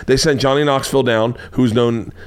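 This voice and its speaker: A middle-aged man talks into a studio mic, hosting his own comedy podcast. His voice sits at an ordinary male pitch, and he rambles from one story to the next. He swears freely and keeps the delivery loose and animated. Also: normal speed, clean tone. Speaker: podcast host. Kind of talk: casual comedic monologue.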